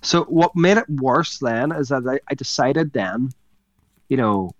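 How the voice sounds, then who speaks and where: A man's voice: medium pitch, lively intonation, measured pace, no echo, muffled recording. Sweary man telling a story. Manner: rambling, sweary, laughs mid-sentence. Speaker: podcast co-host. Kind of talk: casual storytelling chat.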